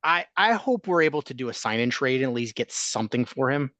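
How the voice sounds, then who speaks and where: A man talking sports in a casual, opinionated way, often restarting his sentences as he thinks aloud. His voice has a middling pitch and is recorded dry and close, with no room sound. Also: lively intonation, fairly quick, a bit bright, no room sound. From Chicago area. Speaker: sports talk podcast host.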